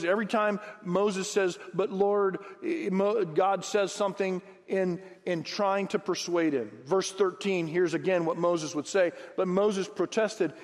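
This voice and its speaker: A man preaching a sermon as pastor, acting out Bible dialogue in lively, animated bursts. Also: high voice. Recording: long hall reverb.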